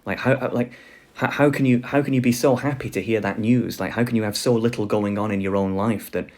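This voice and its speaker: A man's voice: on the low side, steady tone, a little fast, darkish tone. Guy rambling thru an online lecture, like, you know, lots of fillers. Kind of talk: casual spoken lecture.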